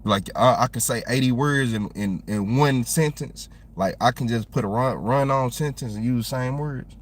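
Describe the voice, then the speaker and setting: A man's voice: mid-range voice, moderate pace, slight background noise. Rambling young man with a Southern accent. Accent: Southern American. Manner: rambling, animated, slangy. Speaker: livestreamer. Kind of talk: casual livestream chat.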